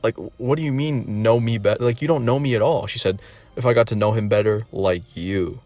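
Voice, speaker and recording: A man's voice: on the low side, fairly quick, a little mellow, no echo, faint music behind. A man recounting a story in a casual vlog, rambling and incredulous and repeating himself. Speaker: online dating video creator.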